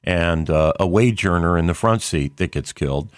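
A man with a very deep voice lays out his point step by step, pausing and repeating himself in a measured way. The recording is close and dry, with no room sound. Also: smooth, dry recording. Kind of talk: casual conversational talk.

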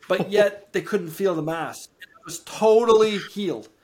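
A man, podcast co-host and ministry founder, telling a faith testimony with lively rises in energy and frequent word repeats. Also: moderate pace. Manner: animated, rises in pitch and energy when excited; repeats words and restarts sentences. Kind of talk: storytelling testimony in an interview.

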